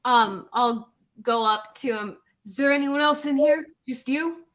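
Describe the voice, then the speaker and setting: Soft-spoken woman player. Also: high-pitched, a little slow. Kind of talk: tabletop game play.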